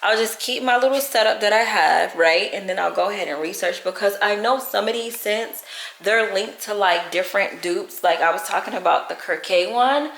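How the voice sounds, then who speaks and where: Chatty woman venting, bright and echoey. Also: mid-range voice, normal speed, vocal fry. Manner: animated, venting with lots of "baby" and "like". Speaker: vlogger. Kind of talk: casual vlog chat. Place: at home.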